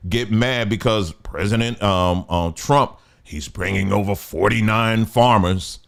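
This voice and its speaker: A man with a lowish, creaky voice speaks at a measured pace while hosting a livestream. His commentary is emphatic, with repeated points and rhetorical questions.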